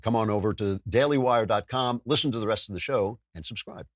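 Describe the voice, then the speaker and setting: A man's voice: fairly low pitch, a little fast, no room sound, clean studio sound. A man hosting a political talk show, delivering a sardonic, self-mocking monologue with frequent stumbles and restarts. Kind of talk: podcast monologue with ad read.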